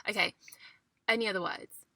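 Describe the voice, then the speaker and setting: A woman's voice: medium pitch, normal speed, vocal fry, sharp tone, no room sound. A young woman co-hosting a casual chat, candid and self-mocking, often amused. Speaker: podcast co-host. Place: parked car.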